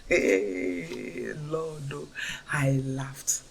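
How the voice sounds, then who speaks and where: A woman's voice: deep voice, measured pace, slight background noise. A middle-aged Nigerian woman telling her life story as a fervent faith testimony, repeating phrases with emphatic swings. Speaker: storyteller sharing a personal testimony.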